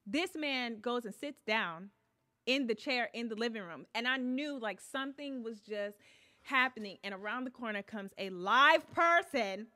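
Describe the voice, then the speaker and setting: A woman chats as a guest, telling a story with lots of energy. Her voice sits a little high and rings bright, and she slips into the voices of the people in her tale. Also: moderate pace, dry recording. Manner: expressive, acts out what people said, laughs often. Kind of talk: animated casual storytelling.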